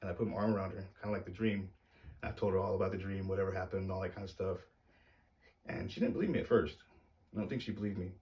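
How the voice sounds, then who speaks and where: Low-pitched man, halting and uneasy, telling his own story to camera from a little way off the mic. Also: steady tone, a little mellow, far from the mic. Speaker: vlogger telling a personal story.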